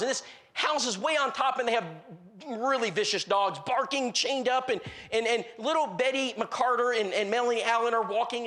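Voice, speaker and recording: A man preaching a sermon and telling stories, acting out the people in them, with many restarts and fillers. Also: extremely high pitch. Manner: animated, acts out the people in his stories; frequent restarts and filler words. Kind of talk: storytelling sermon.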